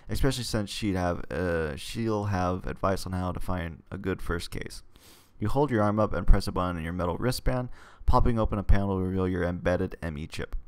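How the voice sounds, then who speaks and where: A man reading a text adventure game aloud in a casual way, stumbling and tossing in joking asides. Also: sits low.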